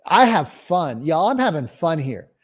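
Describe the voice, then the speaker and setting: A man giving an energetic real estate sales training talk, acting out calls and clients and swearing casually. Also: fairly high pitch, measured pace, slightly rough.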